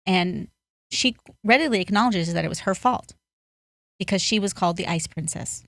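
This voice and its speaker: A woman's voice: mid-range voice, normal speed, fairly bright tone, no room sound. A woman life coach, a podcast guest, telling a story earnestly. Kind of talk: conversational interview.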